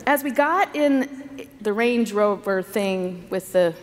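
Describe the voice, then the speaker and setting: In a large conference hall, a woman gives a women's conference an earnest sermon filled with stories, driving points home through repetition. Her mid-range voice is expressive and slow, and the live hall recording carries long reverb.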